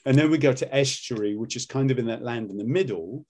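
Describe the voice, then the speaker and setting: A man who works as an accent and acting coach, explaining his methods in a relaxed conversational interview and laughing easily. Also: mid-range voice, quick pace.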